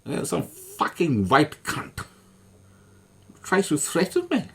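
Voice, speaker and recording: A man's voice: a little high, huge pitch swings, slow pace, creaky, pauses often, slightly rough. A man delivering an angry, swearing monologue as an online commentator, furious and repetitive.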